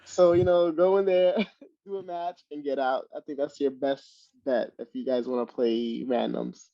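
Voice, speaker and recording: A man's voice: mid-range voice, steady tone, measured pace, gravelly, no echo, highs cut off. A man on a casual gaming podcast speaking in an easygoing, upbeat way in short remarks.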